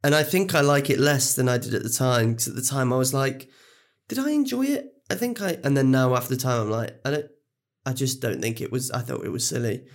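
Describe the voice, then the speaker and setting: A man's voice: mid-range voice, fast, hardly any pauses. Laughing man co-hosting. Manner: laughs often, trails off. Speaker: podcast co-host. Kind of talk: casual film chat.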